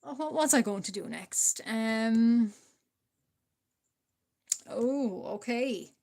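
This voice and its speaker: An Irish woman talks casually to her stream chat as she draws, her voice sitting a little high. She rambles with plenty of "uh" and "um" and breaks into small laughs. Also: slow pace, a little mellow. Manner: hesitant, chatty, many fillers, laughs often. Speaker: art livestreamer. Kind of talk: casual livestream chat while drawing.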